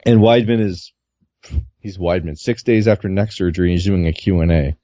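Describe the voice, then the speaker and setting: Low mellow guy rambling about his week, lots of uhs, muffled lo-fi audio. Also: normal speed, no room sound. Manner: relaxed, rambling with many fillers. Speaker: guest reporter. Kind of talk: casual podcast recap.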